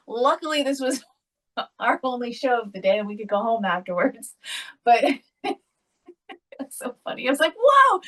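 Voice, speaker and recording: A woman's voice: a little high, a bit bright, far from the mic, rough recording. A woman co-hosting a podcast, telling a family story in a casual, chatty way and often laughing as she talks. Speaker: podcast co-host. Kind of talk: casual chat.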